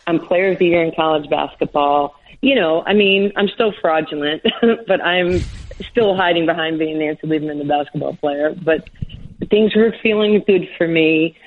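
A woman in her sixties, a former basketball player from New York, tells stories in an interview. She laughs often and does the voices of the people she quotes. Her voice is husky and comes through like a thin phone line. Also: low voice, moderate pace. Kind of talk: storytelling interview. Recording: tinny phone-line sound.

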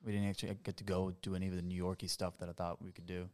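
A man's voice: sits low, level tone, rapid-fire, a little mellow. A man chatting casually as a podcast guest, rambling through anecdotes with frequent restarts. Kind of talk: casual chat.

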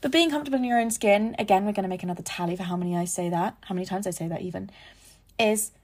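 A woman's voice: mid-range voice, racing. Chatty young woman podcaster. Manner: chatty, rambling, self-correcting. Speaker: podcast host. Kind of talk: casual podcast monologue.

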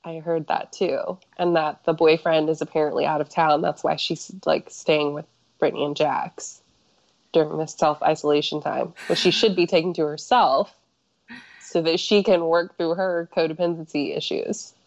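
A woman's voice: sits low, steady tone, moderate pace, creaky, darkish tone, dull audio. A woman from South Carolina co-hosting a casual chat, blunt and sarcastic, often laughing. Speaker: podcast co-host.

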